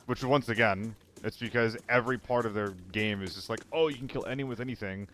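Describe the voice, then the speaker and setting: A man giving casual commentary while streaming a game, rambling and answering chat, with hiccups and throat clearing. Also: mid-range voice, quick pace, a bit bright, a little hiss or hum.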